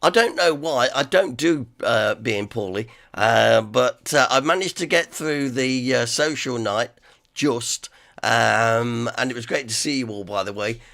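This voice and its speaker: Hoarse East Midlands man hosting a live stream. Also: medium pitch, measured pace, fairly bright tone. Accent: East Midlands English. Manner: rambling, chatty, greets viewers by name. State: hoarse, sore dry throat. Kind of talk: casual live stream chat.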